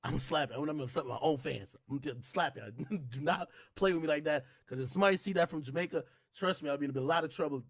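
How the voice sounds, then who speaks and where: A man hosting a livestream, talking in a casual rant that swings from low mutters to shouted bursts. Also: fast, few pauses, dry recording, studio quality. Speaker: livestream host.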